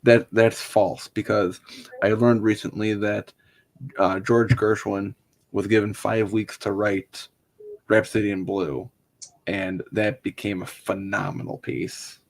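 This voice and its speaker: Earnest, low-voiced man chatting. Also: flat delivery, vocal fry. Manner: earnest, halting, with restarts and ums. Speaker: livestream co-host. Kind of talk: casual livestream chat.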